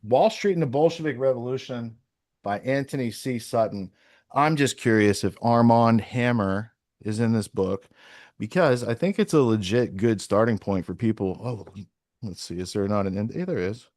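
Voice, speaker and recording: A man's voice: medium pitch, moderate pace, a little mellow, no echo, clean studio sound. A man hosting a podcast in casual talk, rambling and thinking aloud as he clicks through sources. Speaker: podcast host.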